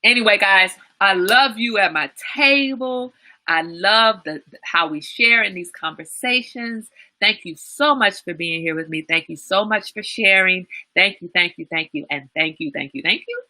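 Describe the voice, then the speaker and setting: A woman's voice: mid-range voice, normal speed, pushed and bright. A woman hosting a live-streamed talk show, chatting casually with viewers, reading out their comments and laughing often. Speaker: livestream talk show host.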